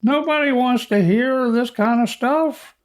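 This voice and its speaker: A man putting on a silly, high squeaky voice for a scornful inner critic that mocks and stammers. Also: unhurried. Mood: mocking.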